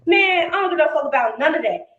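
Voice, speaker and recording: A woman's voice: high voice, lively intonation, fast talker, fairly bright tone, dull audio. A woman ranting angrily and defensively on a live stream, swearing often, repeating herself and raising her voice. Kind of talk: angry live-stream rant. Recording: echoey, noisy, played back with clicks.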